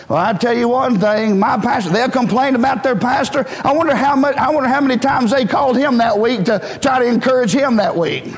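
Male preacher, high-pitched, plainspoken and self-mocking, recorded live in a reverberant church. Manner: folksy, blunt and self-deprecating, joking with the congregation. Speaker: pastor. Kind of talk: sermon. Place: church sanctuary.

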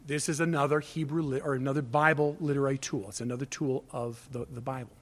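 A man preaching a sermon, swinging between loud, urgent appeals and hushed asides. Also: mid-range voice, steady tone, fast talker. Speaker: pastor.

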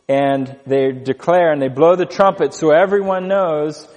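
A man preaching an expository sermon, reading scripture slowly and stressing key words with deliberate pauses. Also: a little high, steady tone, a little mellow, in a large hall. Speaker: pastor.

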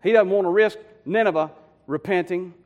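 A man preaching a sermon, telling the story with lively, conversational asides to the congregation. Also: sits high, normal speed, highs cut off. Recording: long hall reverb.

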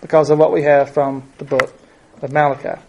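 A man with a somewhat high voice teaches a Bible lesson, reading verses and explaining them. He talks conversationally, full of fillers and rhetorical questions. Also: little pitch movement, fairly quick, gravelly, mellow, dull audio, a little hiss or hum.

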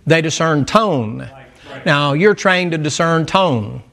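Folksy middle-aged preacher, a man with a slightly high voice, homespun jokes in a sermon. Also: lively intonation, slow, gravelly, fairly bright tone. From American mountain region. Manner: folksy, storytelling, humorous asides. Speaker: pastor.

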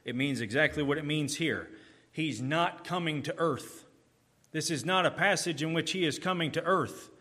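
A man preaching a sermon, emphatic, swinging between booming declarations and hushed, slow asides.

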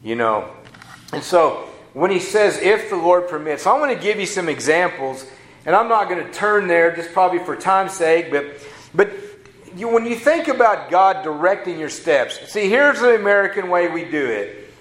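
A man's voice: high-pitched, lively intonation, moderate pace, fairly bright tone. A man, preaching a sermon as a pastor in a folksy, conversational way with casual asides. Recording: echoey room.

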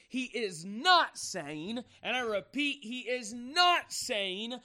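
A man with a very high, bright, tense voice preaches a fiery sermon. He hammers his points home with emphatic force and climbs into shouted warnings. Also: animated, slow pace, few pauses. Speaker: evangelist preacher.

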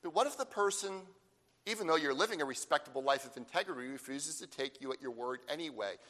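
Lively bright-voiced preacher in a hall. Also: male voice, fairly high pitch. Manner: emphatic preaching with slow, stressed phrases and rhetorical questions. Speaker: pastor. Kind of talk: sermon. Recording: long hall reverb.

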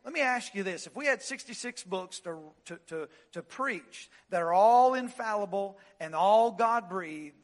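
A man preaching an expository sermon, with dramatic swings from loud emphasis down to hushed, low phrases. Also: animated, measured pace, hardly any pauses. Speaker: pastor. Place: church sanctuary.

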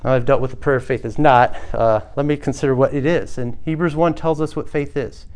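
Male pastor, mid-pitched, earnest sermon delivery with rhetorical questions. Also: fairly even intonation, fairly quick, darkish tone, clean tone.

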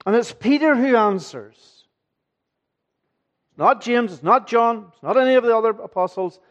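A man's voice: very high-pitched, expressive, normal speed, fairly bright tone. A man preaching an evening sermon to his congregation, earnest and emphatic, often asking rhetorical questions. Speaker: pastor. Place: church.

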